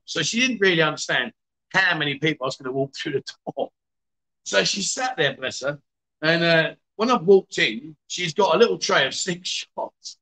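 A man's voice: on the high side, sharp tone, rough recording. Chatty hungover male host. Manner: chatty, greets viewers by name, self-mocking. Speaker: livestream host. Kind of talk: casual livestream chat.

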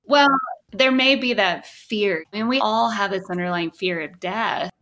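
A woman interviewer asking thoughtful, reflective questions in a relaxed conversation. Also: mid-range voice, normal speed.

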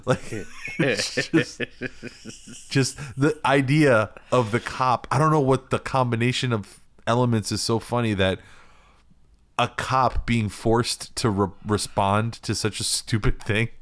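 A man co-hosting a podcast, telling a story in a rambling way, laughing often and swearing freely. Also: medium pitch. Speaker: podcast co-host. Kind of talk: casual chat.

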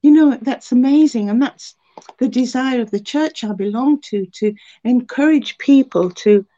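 An older woman tells her faith story to an interviewer, earnest and heartfelt, her voice mellow and soft. The recording sounds a little dull and muffled. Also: sits high, normal speed. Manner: earnest, emotional storytelling with many restarts. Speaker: interview guest. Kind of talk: personal faith testimony.

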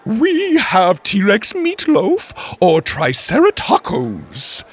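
A plump, cheerful camp cook, played by a man who warbles every word in an operatic sing-song. Her voice sits very high above a storyteller's usual talk and swings widely. There is a slightly husky grain underneath. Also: wildly swooping pitch, drawn-out words, full character voice.

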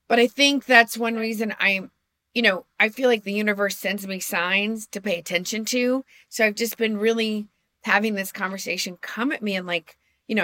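A woman's voice: medium pitch, bright, forceful tone, no echo, studio quality. A middle-aged woman co-hosting a podcast, telling personal stories in a chatty, self-deprecating way with frequent restarts. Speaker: podcast co-host. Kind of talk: casual storytelling chat.

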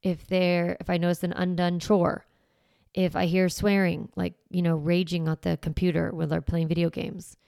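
A woman's voice: on the low side, flat delivery, moderate pace, gravelly, dark tone, dry recording, studio quality. A woman in her forties, a parenting coach hosting a podcast, talking casually and acting out little quotes. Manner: chatty, acts out quotes, many "like" fillers.

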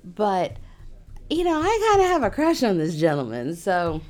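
A middle-aged woman, a massage therapist, telling a personal story casually, animated and self-mocking, with nervous laughs. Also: medium pitch, moderate pace, soft background music.

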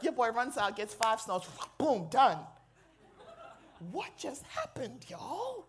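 Woman, chaplain, sermon, high pitch, very animated delivery, slangy and playful. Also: measured pace. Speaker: university chaplain, preacher. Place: lecture hall with an audience.

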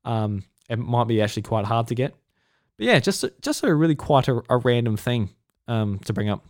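A man's voice: mid-range voice, expressive, brisk, no room sound, clean studio sound. A man with an Australian accent hosting a solo podcast in a casual, rambling way, full of fillers and restarts. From South Australia. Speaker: podcast host.

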